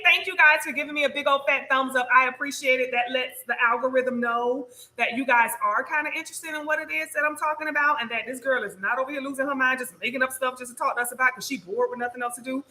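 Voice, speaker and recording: A woman's voice: high voice, pushed and bright, reverberant, low-quality recording. A woman hosting a spiritual livestream, chatting casually and often checking in with "okay?" and laughing.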